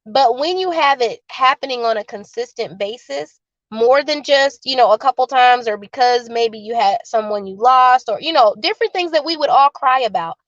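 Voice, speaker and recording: A woman appears as an interview guest, calmly and earnestly explaining birth and postpartum support with examples. Her voice is on the high side at a moderate pace, and the video call audio is dull with no room sound.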